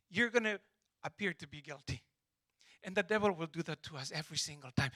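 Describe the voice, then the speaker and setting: A man preaching a sermon, telling stories and acting out the dialogue with lively emphasis. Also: high voice, fairly quick, no echo. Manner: animated storytelling, acts out dialogue. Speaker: pastor.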